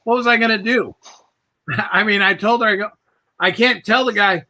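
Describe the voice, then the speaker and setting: A man with a high, bright voice, chatting casually as a show host. He rambles through a long anecdote, slipping into other people's voices as he quotes them. His talk is loose and full of restarts. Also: normal speed. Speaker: podcast host. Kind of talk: casual storytelling chat.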